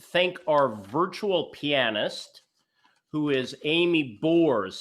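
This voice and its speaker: A man moderating a masterclass, thanking guests and introducing the next singer in a relaxed way. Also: medium pitch. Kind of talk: announcing and thanking.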